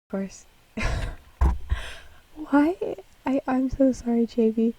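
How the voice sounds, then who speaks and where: A woman's voice: on the high side, takes it slowly, warm tone, no room sound, distant mic, poor audio. A young woman casually reacting to a music video, chatty and giggly, rambling with lots of fillers.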